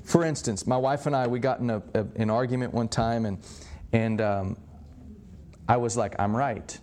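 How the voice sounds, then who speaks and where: Middle-aged male preacher, animated storyteller, mid-pitched, faint background noise. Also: moderate pace. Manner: animated storytelling, acts out dialogue. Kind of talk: sermon-style teaching.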